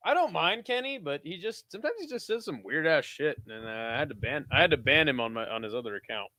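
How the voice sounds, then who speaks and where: A man hosts a live watch-party stream, talking bluntly and with casual profanity as he reacts to chat. His voice sits a bit high and moves around a lot, recorded close and dry. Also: animated, fast, bright, forceful tone, no room sound.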